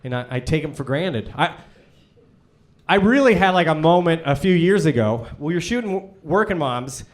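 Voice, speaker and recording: A man in his forties doing a high-energy stand-up set on stage before a live audience, ranting with shouted punchlines. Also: lively intonation, normal speed. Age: 40s. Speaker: stand-up comedian.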